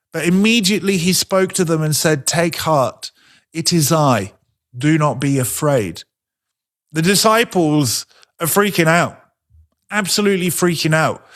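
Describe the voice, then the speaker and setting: A man teaching a sermon in a conversational way, asking rhetorical questions and slowing down to stress his points. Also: a little high.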